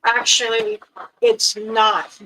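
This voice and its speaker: A woman hosting a casual livestream, giving slow, loosely strung warnings and advice to her viewers. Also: fairly high pitch, completely flat delivery, bright, forceful tone, rough recording. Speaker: livestream host.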